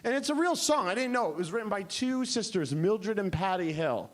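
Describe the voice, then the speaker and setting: High-voiced man doing animated stand-up. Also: brisk. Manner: animated storytelling, bursting into shouted punchlines. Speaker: stand-up comedian. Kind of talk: stand-up comedy set. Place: comedy club stage. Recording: noisy live club recording.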